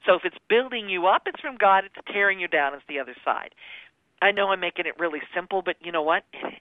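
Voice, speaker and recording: A woman's voice: on the low side, fast, no echo. A woman guest speaking by phone on a faith-based radio talk show, earnest and teaching, acting out little quoted voices as she explains. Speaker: guest author. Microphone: phone call. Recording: tinny phone line, dry.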